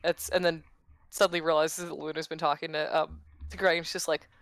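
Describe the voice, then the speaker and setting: A woman's voice: low-pitched, level tone, brisk, no echo. A woman playing a tabletop game, chatting and joking casually. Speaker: player.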